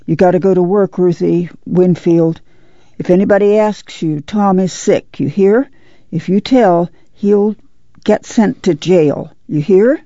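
A reader voicing a firm, commanding farm mother with a drawl and a gravelly voice. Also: mid-range voice, measured pace, mellow, no room sound, close to an everyday voice. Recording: muffled, dry.

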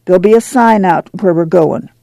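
A man's voice: high voice, moderate pace, gravelly, dark tone, no echo, clean studio sound. A man voicing a weary, determined farm mother who gives firm orders in plain rural dialect. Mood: firm, urging.

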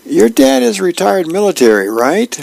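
A man's voice: high voice, big pitch swings, moderate pace, vocal fry, a little mellow, no echo, pitched above the performer's own voice, full character voice, rough recording. A man reading a comic strip aloud and voicing an eager, earnest teenage boy.

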